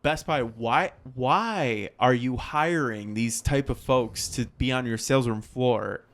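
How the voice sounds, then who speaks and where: A man's voice: medium pitch, measured pace. A young man co-hosting a podcast, chatting casually and rambling with fillers. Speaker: podcast co-host. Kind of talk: casual chat.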